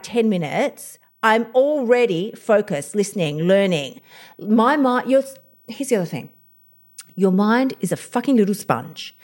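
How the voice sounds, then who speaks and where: Blunt and fired up, a woman hosting a motivational podcast swears freely as she talks through her routine. Her voice is fairly high-pitched with a darkish tone.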